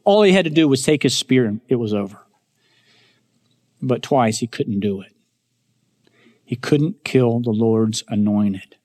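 A man preaching a sermon as pastor, emphatic, rising to raised declarations and dropping to hushed asides while speaking directly to his congregation. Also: mid-range voice, expressive, measured pace, pauses often. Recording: long hall reverb.

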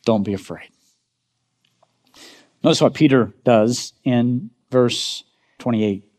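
A man's voice: lively intonation, moderate pace. Man preaching in a reverberant hall. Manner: dramatic, swings from loud emphatic bursts to low quiet lines; asks the congregation rhetorical questions. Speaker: pastor. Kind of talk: sermon. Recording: long reverb of a large hall.

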